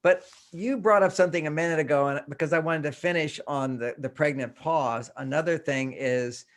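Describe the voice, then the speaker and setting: An older man, a guest author, talking in a relaxed interview and acting out bits of dialogue as he tells stories. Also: fairly high pitch, normal speed. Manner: animated storytelling, acts out quoted dialogue, laughs often. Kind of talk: conversational interview.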